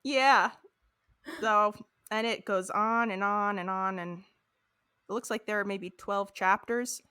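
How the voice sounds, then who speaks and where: A woman's voice: mid-range voice, slow, sharp tone, clear, resonant tone, no echo, studio quality. A woman co-hosting a podcast in casual chat, amused and rambling as she reads a fanfic aloud. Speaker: podcast co-host.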